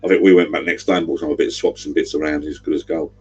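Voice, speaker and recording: A man's voice: very deep voice, steady tone, fast, slightly rough. A middle-aged man, rambling chattily on a livestream. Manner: rambling, chatty, gives directions. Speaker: livestream host. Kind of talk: casual livestream chat.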